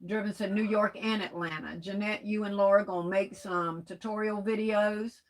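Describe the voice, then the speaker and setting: A woman's voice: mid-range voice, steady tone, normal speed, low-quality recording. This is a woman hosting a laid-back live stream, working her way through viewer comments one by one. She reads each one aloud and answers with easy pet names like sweetheart. Her talk is loose and chatty, with plenty of casual fillers. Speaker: livestream host reading viewer comments.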